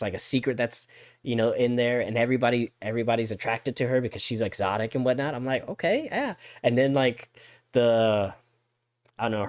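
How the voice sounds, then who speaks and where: On a live-stream podcast, a man with a mid-range voice co-hosts a casual conversation, recorded dry with studio quality. He's chatty, stumbles over and repeats words, and reads out messages from the chat.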